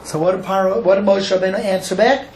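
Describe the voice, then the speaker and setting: A male rabbi from Cleveland, Ohio, giving an animated Torah class and acting out dialogue for a live group. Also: sits high, fast talker. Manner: animated, acts out dialogue, asks the audience questions. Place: echoey room with a small audience. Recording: echoey room with faint noise.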